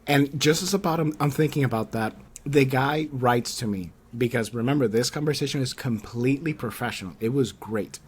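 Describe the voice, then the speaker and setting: Animated male podcast host telling stories. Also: mid-range voice, fairly quick, hardly any pauses, slight background noise. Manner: animated storyteller, acts out quoted people in a raised voice; candid, swears casually. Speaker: podcast host interviewing a creator. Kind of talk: casual conversational interview.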